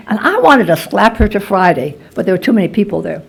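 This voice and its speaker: A woman's voice: on the high side, animated, fairly quick, hardly any pauses, husky. A woman speaking at a recovery meeting, telling her story in a wry, candid way. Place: meeting hall.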